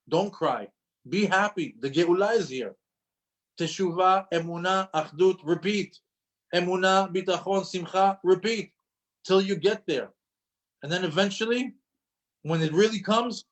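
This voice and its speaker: A man teaching a religious class, speaking in an emphatic, lively way and often repeating his phrases for emphasis. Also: on the high side, low-quality recording. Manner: storytelling with acted quotes. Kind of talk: lecture to an audience.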